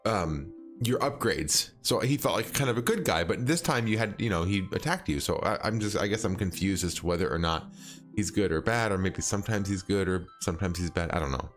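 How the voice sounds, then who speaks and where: A lowish-voiced man chats his way through a game stream, stopping and restarting his sentences and padding them with fillers. He chuckles often as he talks with his viewers, while faint game music plays behind him. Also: expressive, a little fast. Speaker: livestreaming game player. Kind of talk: casual gameplay chat with viewers.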